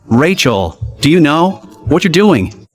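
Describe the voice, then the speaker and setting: A curt, possessive company president. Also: male voice, fairly high pitch, very animated, takes it slowly, faint music behind. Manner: curt and commanding. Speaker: boss Alexander. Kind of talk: dubbed drama acting.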